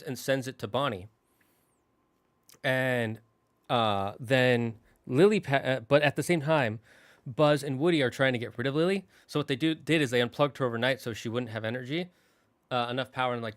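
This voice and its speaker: A man hosting his channel, casually retelling a movie's story in an animated way, often restarting his sentences. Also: mid-range voice. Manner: animated, restarts often, slips into quick character voices. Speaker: channel host.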